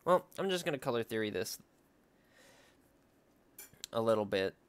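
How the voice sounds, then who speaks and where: Here a drawing vlogger, a young man, speaks at a moderate pace in a lowish, clean voice on a dry recording. His casual chat is relaxed and rambling as he thinks aloud while drawing.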